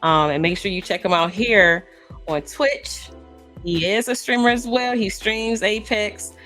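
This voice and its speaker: A woman of middle pitch hosts a casual podcast, giggly and encouraging, with faint music underneath. She keeps chiming in with agreement and laughs easily. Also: measured pace, a bit bright. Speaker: podcast host. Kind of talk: casual chat.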